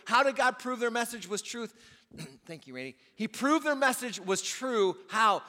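Male pastor, casual sermon delivery, bright, forceful tone, big reverberant hall. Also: high voice, lively intonation, normal speed. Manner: conversational preaching, with frequent "you know" fillers. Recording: long reverb of a large hall.

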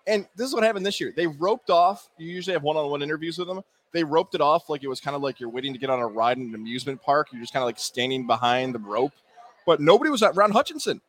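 A male sports co-host speaking fast in a somewhat high voice that moves a lot. He tells stories and defends his ballot in a quick, eager rush. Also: animated, fairly bright tone. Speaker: sports talk co-host and Heisman voter. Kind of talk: casual sports radio banter.

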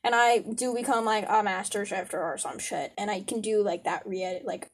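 A woman's voice: medium pitch, steady tone, moderate pace. A young woman in casual chat who laughs often and swears freely, talking about her own life.

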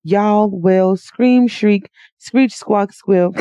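A woman's voice: mid-range voice, drawn-out words, warm tone, clean tone, dry recording. A woman co-hosting a podcast, pressing her partner with pointed questions and laughing often. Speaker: podcast co-host. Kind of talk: casual argumentative chat. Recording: dull, dry lo-fi mic.

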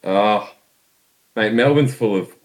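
A man with an Australian accent, joking around in a casual group voice chat and tossing out slang. His voice sits a little low. He keeps the banter loose and playful. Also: slow pace, poor audio.

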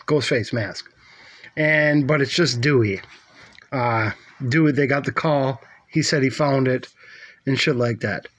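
A man's voice: mid-range voice, unhurried, fairly bright tone. A middle-aged man casually retelling a movie plot, rambling and swearing a lot, with plenty of fillers. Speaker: movie recapper.

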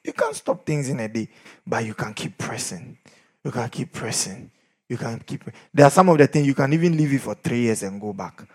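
A middle-aged man preaching a sermon, swinging from shouts down to near whispers. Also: medium pitch, very animated, normal speed, slightly rough. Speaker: pastor.

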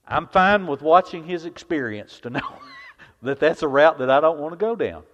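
A man's voice: on the high side, animated, normal speed. Impassioned man preaching in a hall. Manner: impassioned preaching, swings from loud to hushed. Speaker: pastor. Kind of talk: sermon. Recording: dull, reverberant hall sound.

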